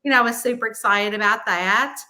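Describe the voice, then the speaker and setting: A middle-aged woman with a Southern American accent, chatting lively as a guest author and laughing often. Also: fairly high pitch, a little fast. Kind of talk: casual chat.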